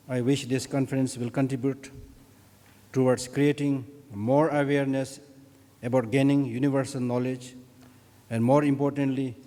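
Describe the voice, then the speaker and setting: A man, a Buddhist scholar, giving a formal opening address at a conference, earnest and measured. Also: mid-range voice, darkish tone. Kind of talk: formal ceremonial speech. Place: conference hall. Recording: long reverb of a large hall.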